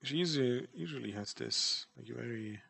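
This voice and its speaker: A man's voice: mid-range voice, normal speed, creaky, fairly bright tone, breathy edge. A man chatting casually while drawing on stream, rambling and self-deprecating about his work. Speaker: artist streamer.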